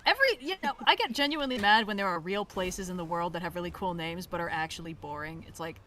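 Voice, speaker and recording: A woman chatting on a game stream, excitable and joking, laughing often. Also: lowish voice, quick pace, a little hiss or hum. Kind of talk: casual chat on a charity game stream.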